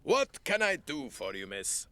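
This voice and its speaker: A man's voice: fairly high pitch, wildly swooping pitch, a little slow, pushed and bright, exaggerated voice. An actor playing a polite, folksy male shopkeeper in a video game who loves his horses. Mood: apologetic.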